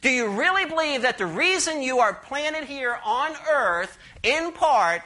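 Woman preacher, sermon delivery, bright and forceful, asks the room questions. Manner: emphatic, rising to high passionate stress, slowing to read verses; asks the congregation questions and leads call-and-response.

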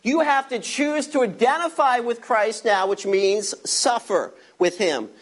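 A man preaching a sermon, directly addressing his listeners and stretching key words slowly for emphasis. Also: very high voice. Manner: addresses listeners directly, asks them to turn pages. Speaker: pastor.

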